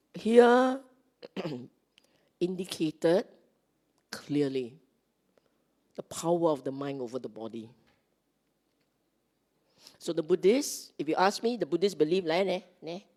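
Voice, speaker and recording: A woman's voice: sits low, darkish tone. A woman with a Singaporean English accent giving a chatty Dharma talk to a congregation. She often checks in with "okay?" and acts out the lines she quotes. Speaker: Dhamma teacher. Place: meeting hall.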